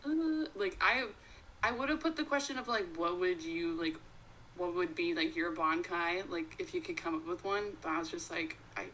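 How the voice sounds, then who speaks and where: A woman's voice: on the low side, moderate pace, a bit bright, slight background noise, rough recording. A young woman in her twenties co-hosting a podcast, chatting casually with lots of fillers and giggles. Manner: giggly, filler-heavy fan talk. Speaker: podcast co-host. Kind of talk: casual chat.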